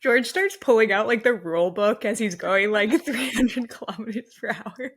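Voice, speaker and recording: A woman's voice: fairly high pitch, moderate pace, husky. A young woman co-hosting a casual racing recap, laughing often and joking as she talks. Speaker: podcast co-host. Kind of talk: casual sports recap chat.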